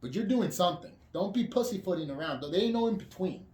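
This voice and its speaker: A man's voice: high-pitched, lively intonation, quick pace, darkish tone. A man as a podcast guest, talking in a profane, rambling way with frequent restarts. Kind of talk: casual candid chat. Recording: roomy echo with background noise.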